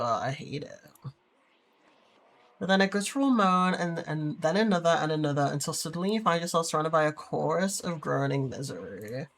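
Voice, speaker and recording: A woman streamer reading a horror game aloud, voicing its characters and reacting with squeals and swearing. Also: on the low side. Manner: reads narration aloud, voices characters, swears and squeals at creatures.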